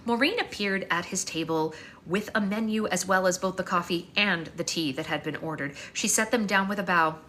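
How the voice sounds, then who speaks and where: On a home live stream, a female novelist reads aloud from her own book through a phone mic. Her lowish voice keeps a moderate pace, giving the first-person narration a wry, expressive feel, with slight background noise behind it.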